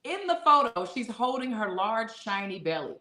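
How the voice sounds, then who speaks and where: A woman co-hosting a casual podcast, reading listener comments aloud and reacting with quick jokes. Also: a little high, big pitch swings, pushed and bright. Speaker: podcast co-host. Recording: roomy echo.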